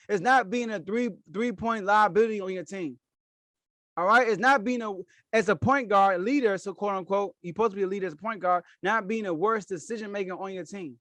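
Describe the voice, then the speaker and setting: A man with a high-pitched voice delivers solo sports commentary as a podcast host. He talks emphatically, hammering his points by repeating them. The recording is dry and close, with no room sound. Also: a bit bright, dry recording. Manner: emphatic, repeats key phrases.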